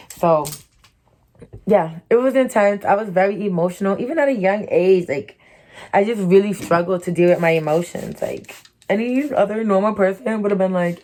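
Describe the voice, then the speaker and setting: A woman's voice: medium pitch, a little fast, a little mellow. A young woman vlogger telling a frank, chatty storytime while getting ready, swearing freely and saying "like" a lot.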